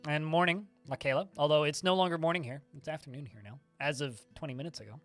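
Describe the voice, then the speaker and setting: Streamer guy, bright and forceful, slightly high, chatty and quick, faint guitar music under him. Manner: chatty, fast-talking, answers chat questions. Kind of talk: casual livestream chat answering viewers.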